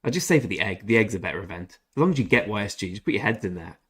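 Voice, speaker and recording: A young man with a British accent and a somewhat low voice chats casually on a gaming livestream. He answers viewers by name and talks in a loose, chatty way, giving blunt opinions with a little swearing. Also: expressive, rapid-fire, a bit bright, breathy edge. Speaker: gaming streamer. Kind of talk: casual livestream chat while playing.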